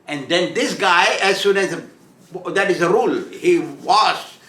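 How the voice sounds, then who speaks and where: A man gives a storytelling sermon, chuckling as he goes and acting out the voices in the story. His voice is high and bright, and he speaks slowly. The room echoes. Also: lively intonation. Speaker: spiritual teacher.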